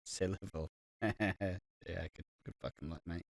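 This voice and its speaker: A man's voice: low voice, steady tone, measured pace, no room sound. A man co-hosting a podcast in casual chat, rambling through his points with lots of fillers and free swearing. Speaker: podcast co-host.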